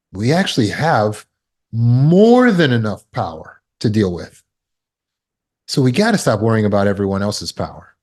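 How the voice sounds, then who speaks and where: A man's voice: mid-range voice, darkish tone. Earnest male recovery teacher on a video call, plain mid-range voice, acts out examples. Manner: earnest, acts out scenes with bursts of alarm. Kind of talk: teaching talk with acted examples.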